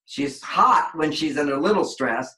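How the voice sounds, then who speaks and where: A man's voice: fairly high pitch, expressive, measured pace, sharp tone. A man guest on an interview show, explaining relationships in an expansive way and acting out quoted voices. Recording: echoey room.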